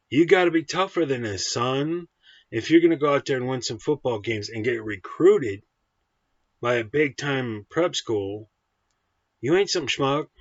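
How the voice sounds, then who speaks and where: A man tearing into a film in a casual, ranting review, blunt and combative with plenty of swearing. His voice sits at an ordinary pitch for a man. The recording is dry and dull, with a lo-fi edge. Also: dry recording. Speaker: movie reviewer.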